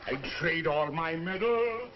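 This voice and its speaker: An actor playing a middle-aged, smooth-talking soldier, coaxing his sweetheart in a boozy, wheedling manner. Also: a little high, animated, slow pace. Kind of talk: 1950s film acting. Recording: dull, noisy old film soundtrack.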